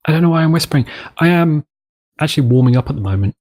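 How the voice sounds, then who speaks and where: A man's voice: fairly high pitch, animated, very fast, darkish tone. A man from the United Kingdom hosting a let's play, chatting casually and rambling through gameplay commentary with frequent restarts.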